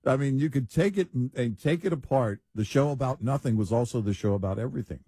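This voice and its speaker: Male co-host: wry, easygoing and agreeable, with a mellow, husky voice. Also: mid-range voice, lively intonation, quick pace, no room sound, studio quality. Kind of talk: casual political chat.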